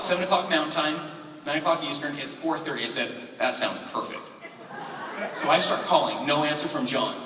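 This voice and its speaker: Animated young man telling stories on stage. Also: fairly high pitch, background noise. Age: 20s. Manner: animated storyteller acting out phone calls, laughing often. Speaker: convention speaker. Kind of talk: motivational stage talk. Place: large convention hall. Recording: echoey hall recording from far off.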